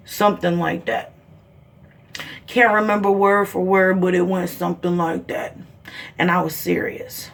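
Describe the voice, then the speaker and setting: A woman's voice: fairly low pitch, little pitch movement, measured pace, creaky, long pauses. A mother of seven ranting to the camera in a heated, blunt way, swearing constantly. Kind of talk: angry personal video rant.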